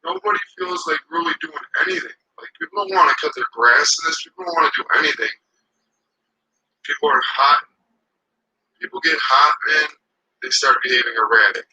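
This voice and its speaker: A man rants loosely and heatedly, swearing often. His voice is husky and very tense and sharp. His pitch swings widely as he talks. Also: sing-song, brisk, poor audio. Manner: profane, heated and rambling. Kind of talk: casual rant to camera.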